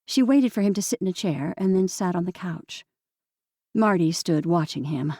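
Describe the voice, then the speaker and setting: A woman narrating an audiobook in a calm, steady storytelling manner. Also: lowish voice, moderate pace, no echo, clean studio sound. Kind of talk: scripted narration.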